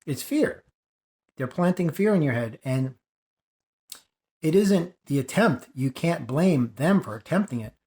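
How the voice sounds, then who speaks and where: A man's voice: a little high, lively intonation, a little slow, long pauses, mellow. A man delivering an impassioned spiritual monologue, preachy and emphatic, driving points home by repeating phrases. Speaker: spiritual video creator.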